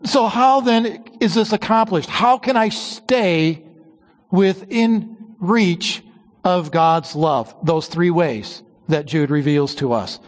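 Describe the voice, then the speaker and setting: A man preaching a sermon, slowing down and dropping his voice low on key phrases. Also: big-room sound. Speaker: pastor.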